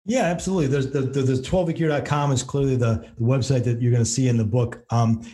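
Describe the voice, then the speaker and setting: A man appearing as a guest on an interview podcast, a business coach who talks quickly and often restarts his sentences. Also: medium pitch, steady tone, dark tone. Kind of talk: casual interview chat.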